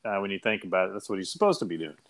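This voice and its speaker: A man co-hosting a casual wrestling talk show, animated and quick to laugh. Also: sits low. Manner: animated, laughs often, repeats words. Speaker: podcast co-host.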